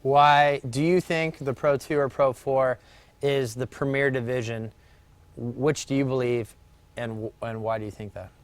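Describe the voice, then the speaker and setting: A man's voice: medium pitch, steady tone, a little slow, no echo. A man hosting a casual live chat and reading viewer questions, with a joking, teasing manner.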